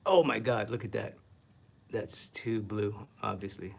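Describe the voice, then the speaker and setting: A man teaching painting, talking to himself as he works, muttering, self-critical, slipping into soft whispers. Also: on the low side, a little slow, creaky. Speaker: art instructor. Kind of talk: painting demo with self-talk.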